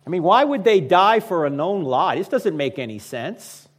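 A man's voice: high voice, normal speed. A man in his fifties giving a humorous talk to a live audience. He addresses the crowd directly and acts out the voices of people in his stories. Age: 50s. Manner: animated storyteller who acts out quoted voices. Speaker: public speaker.

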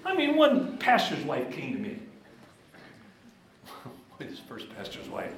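Animated man preaching in an echoey hall. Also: slow, creaky, long pauses. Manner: animated, emphatic storytelling with swings into high excited tones. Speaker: guest speaker at church seminars. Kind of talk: storytelling seminar talk. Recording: very echoey hall with faint room noise.

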